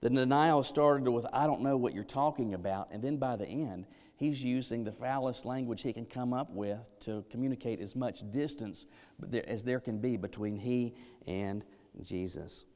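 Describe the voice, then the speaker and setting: A male pastor delivers a sermon in an emphatic, dynamic way, sinking to near-hushed lines before building up to loud ones. His voice sits in an ordinary middle pitch for a man. The sound carries a long reverb from a church sanctuary. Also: normal speed.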